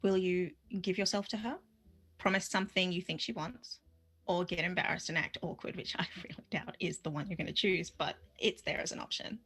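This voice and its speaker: A woman running a tabletop role-playing game as game master, playful and quick to laugh. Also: fairly low pitch, fairly bright tone, slightly rough.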